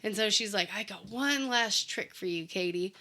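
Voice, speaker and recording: Chatty woman with a bright voice. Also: medium pitch, normal speed. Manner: chatty, many likes and ums, quotes characters. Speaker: podcast co-host. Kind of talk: casual movie recap chat.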